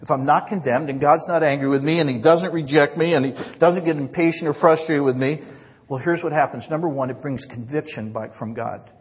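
A man preaching a sermon, his voice very husky and pitched a bit high. He talks in an earnest, conversational way. The sound rings with a long hall reverb and comes across dull and lo-fi. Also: fairly quick. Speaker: pastor.

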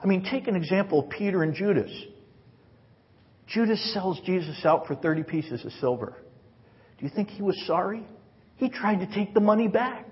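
A man preaching a sermon, his voice very husky and pitched a bit high. He talks in an earnest, conversational way. The sound rings with a long hall reverb and comes across dull and lo-fi. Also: lively intonation, moderate pace, long pauses. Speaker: pastor.

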